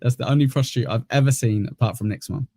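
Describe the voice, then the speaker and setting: A man's voice: medium pitch, fast, loud music behind the voice. A young man co-hosting a casual podcast, teasing his co-host with crude jokes, laughing often and reading out donations. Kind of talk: crude casual banter reacting to clips.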